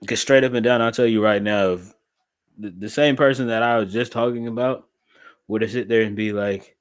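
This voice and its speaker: A man with a fairly low voice hosts a laid-back podcast chat. He talks bluntly and uses plenty of slang. He circles back over his own phrases and restarts sentences as he goes. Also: steady tone, fairly quick, smooth. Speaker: podcast host. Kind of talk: casual chat.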